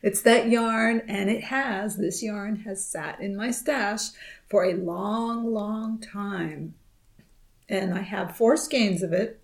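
A woman's voice: mid-range voice, fairly even intonation, takes it slowly, vocal fry. A woman co-hosting a knitting podcast, telling a chatty story with frequent laughs. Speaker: podcast co-host. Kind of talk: casual chat.

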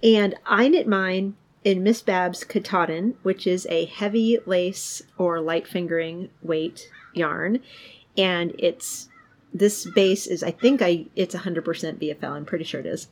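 A woman's voice: on the low side, a little slow. A middle-aged woman co-hosting a podcast in casual, chatty talk, given to frequent giggles. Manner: giggly, chatty, laughs often. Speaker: podcast co-host. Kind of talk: casual chat.

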